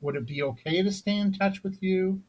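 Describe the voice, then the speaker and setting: Guy doing a sales coaching talk, kinda husky, chatty, keeps going "right?". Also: high voice, moderate pace, muffled recording. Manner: conversational, frequent "right?" tag questions and restarts. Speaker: business coach. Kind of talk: recorded sales seminar talk.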